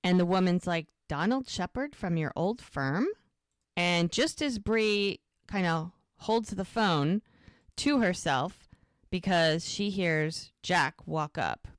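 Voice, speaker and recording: Lively woman recapping a show. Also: lowish voice, slow, dry recording, studio quality. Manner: animated retelling, acting out lines with laughs. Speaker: podcast co-host recapping a TV episode. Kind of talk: casual recap chat.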